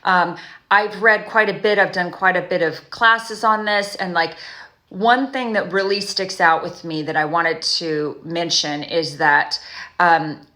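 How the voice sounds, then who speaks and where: Chatty woman coach with a bright voice. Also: on the low side, fairly even intonation. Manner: rambling, self-correcting, frequent "you know" and "right?"; slow, soothing guided breathing. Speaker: trauma recovery coach. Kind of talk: casual advice monologue to camera.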